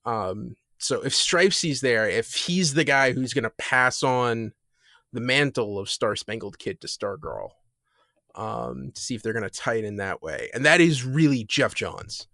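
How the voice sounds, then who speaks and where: A man's voice: mid-range voice, lively intonation, a little slow, creaky, pushed and bright, dry recording, clean studio sound. A man co-hosting a podcast in casual chat, talking enthusiastically and rambling with lots of fillers and restarts. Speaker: podcast co-host.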